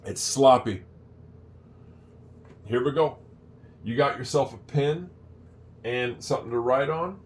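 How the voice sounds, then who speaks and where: An older man giving a casual English lesson, chatting, repeating phrases slowly and wandering off on tangents. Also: mid-range voice. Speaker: English teacher.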